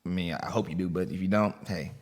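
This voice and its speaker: A young adult man, a hip hop artist guesting on a chat show, easygoing and agreeable, quick to laugh. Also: deep voice, fairly even intonation, a little mellow. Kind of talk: casual interview chat.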